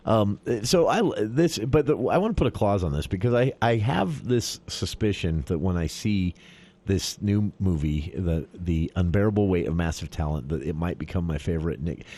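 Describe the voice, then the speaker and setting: A man co-hosting a radio movie show in casual chat, talking in halting restarts and reading a plot summary aloud. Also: low-pitched, sing-song, a little mellow.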